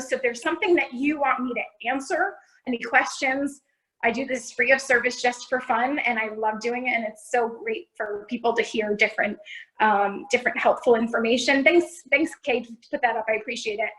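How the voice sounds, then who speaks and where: A woman's voice: fairly high pitch, brisk, a bit bright, poor audio. A woman fitness coach answering questions in an upbeat, encouraging way on a video call. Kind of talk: virtual class Q&A.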